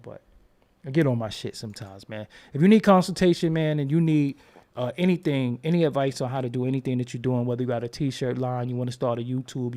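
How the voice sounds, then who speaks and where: A man's voice: mid-range voice, warm tone. A man hosting his own channel, talking in a casual, profane, rambling monologue and acting out quoted voices as he tells stories. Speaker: host.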